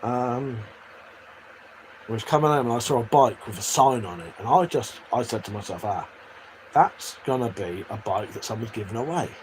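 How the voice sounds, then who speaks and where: A man's voice: medium pitch, expressive, moderate pace, rough recording. An English man chatting casually and crudely on a live stream, reading out chat messages and laughing often. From England. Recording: faint background noise.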